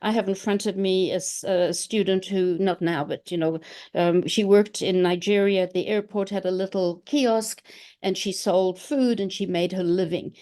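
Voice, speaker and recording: A woman's voice: mid-range voice, fairly even intonation, moderate pace, warm tone. A woman language instructor speaking emphatically in a webinar discussion over a video call.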